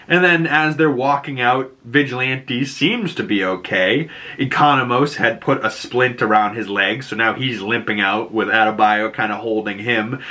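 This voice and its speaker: Guy rambling through a show recap, bright voice, loose and sweary. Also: medium pitch. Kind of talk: casual recap commentary.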